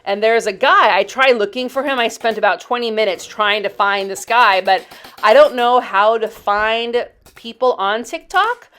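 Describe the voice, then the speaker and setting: A woman's voice: fairly high pitch, normal speed, fairly bright tone, faint music behind. Chatty woman in her fifties. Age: 50s. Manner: rambling, chatty, with fillers and asides. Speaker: DIY channel host. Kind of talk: casual storytelling voice-over.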